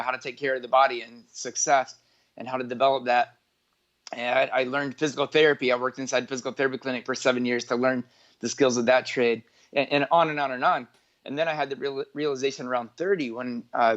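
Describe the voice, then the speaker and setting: On a muffled recording, a man in his forties tells his life story as an interview guest in a meandering way, stuffed with filler words and self-corrections. An entrepreneur from northwest Indiana, USA, he has a mid-range, fairly bright voice.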